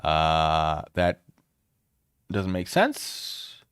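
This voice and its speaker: A man's voice: extremely low pitch, big pitch swings, very slow, a bit bright, clean tone, dry recording, studio quality. A man hosting a casual livestream, reacting with sarcastic commentary and frequent laughter. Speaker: streamer.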